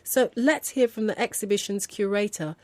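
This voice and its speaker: A London-born woman presents a language lesson in a clear, measured manner. Her voice sits at a middle pitch and sounds dry and close, with no room around it. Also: darkish tone, no room sound. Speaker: host. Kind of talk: scripted educational presenting.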